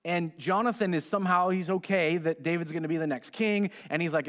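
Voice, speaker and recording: A man's voice: fairly high pitch, fairly quick, fairly bright tone. A man preaching a conversational sermon as pastor, retelling a story in casual words and briefly acting out the quoted voices.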